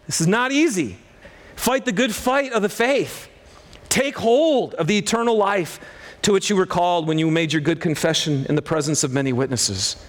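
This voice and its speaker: Animated preacher man. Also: a little high. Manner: animated, conversational preaching with acted-out asides. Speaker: pastor. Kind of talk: sermon.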